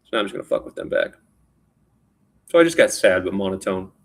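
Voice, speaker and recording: A man with a low, gravelly voice and a husky, rough edge tells a personal story casually. He rambles, restarts his sentences and repeats words as he goes. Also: animated, quick pace.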